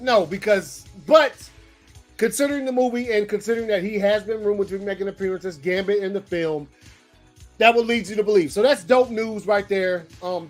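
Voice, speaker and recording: High-voiced man riffing on movie news. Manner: animated, slangy and profane, thinking aloud. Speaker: pop-culture show host. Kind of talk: casual news commentary.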